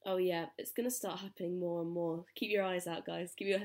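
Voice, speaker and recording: Gravelly young woman, animated podcast chat. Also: on the low side, brisk. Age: young adult. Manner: animated, exclamatory storyteller. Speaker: podcast co-host. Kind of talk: casual chat.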